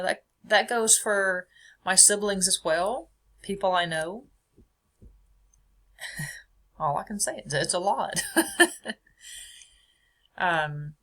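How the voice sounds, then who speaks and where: A woman's voice: medium pitch, a bit bright. A young adult woman hosting a casual faith podcast, reading from her notes in a chatty way and laughing often. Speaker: podcast host.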